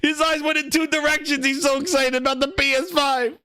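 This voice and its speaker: A man hosting a live gaming stream, reacting with loud laughter, swearing and repeating himself. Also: very high voice, brisk, hardly any pauses, no echo. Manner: excitable, laughing, profane, repetitive.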